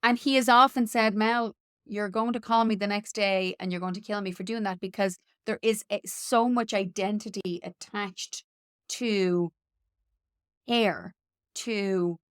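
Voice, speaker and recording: A woman co-hosting a podcast, chatting in a relaxed way and asking questions. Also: medium pitch, a little slow, clear, resonant tone, no echo, studio quality. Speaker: podcast co-host. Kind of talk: casual podcast conversation.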